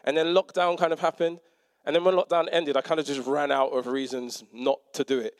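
Lively self-mocking man preaching. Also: fairly high pitch, brisk, smooth, no room sound, studio quality. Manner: animated, self-mocking, acts out quotes. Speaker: preacher and teacher. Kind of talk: conversational sermon storytelling.

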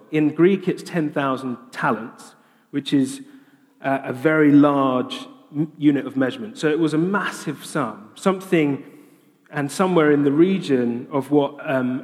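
A man preaching a sermon, animated and humorous, with lively voiced asides. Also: mid-range voice. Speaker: pastor. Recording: long hall reverb.

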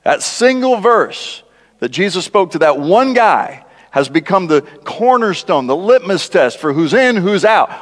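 A man preaching a conversational sermon as a guest speaker, animated and laughing often, acting out the lines he quotes. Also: sits high. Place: large church. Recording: church hall with long reverb.

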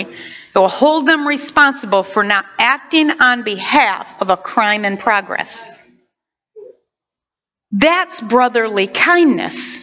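A woman delivers a sermon in a high, bright voice that flares into loud, animated bursts. The sermon is caught on a dull, lo-fi recording. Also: takes it slowly. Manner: impassioned, animated preaching with sudden loud high outbursts. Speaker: preacher.

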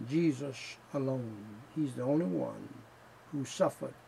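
A man preaching a sermon in slow, emphatic phrases that build in fervor. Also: mid-range voice, lively intonation, creaky, warm tone, slight background noise, poor audio.

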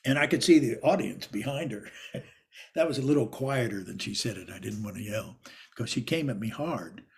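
Older man reminiscing, halting and chuckly. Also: medium pitch, animated, creaky. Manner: rambling, halting, with frequent restarts and laughter. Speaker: interviewee recalling a former teacher. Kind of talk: anecdotal reminiscence.

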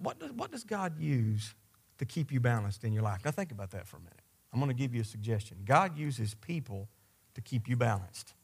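A man preaching a sermon as pastor, speaking in a conversational yet emphatic way and addressing the congregation directly. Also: mid-range voice.

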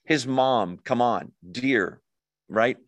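A man's voice: medium pitch, drawn-out words, no echo. A man preaching to a congregation in a conversational way, often asking the room questions. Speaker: pastor. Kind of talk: sermon. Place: church hall with a live congregation.

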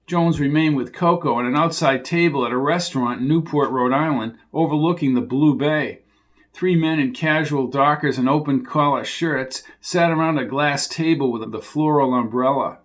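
Man narrating a crime audiobook. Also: fairly high pitch. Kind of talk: scripted narration.

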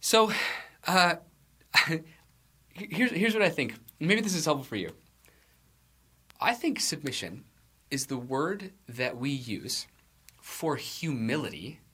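A male pastor giving a sermon in a loose, conversational way, stumbling over restarts and laughing lightly at himself. His voice is bright and forward, and his pitch swings widely as he speaks. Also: breathy edge.

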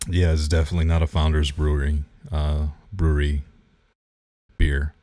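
Deep voiced guy razzing his buddy about beer, super dry close sound. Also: little pitch movement, normal speed, warm tone, dry recording. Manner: joking, teasing, nitpicky about beer. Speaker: podcast co-host. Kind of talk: casual chat.

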